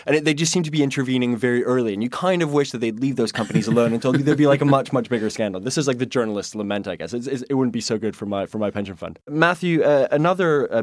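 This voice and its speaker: A man's voice: mid-range voice, dry recording, clean studio sound. A man hosting a discussion in a chatty, wry way. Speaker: host. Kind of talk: casual discussion.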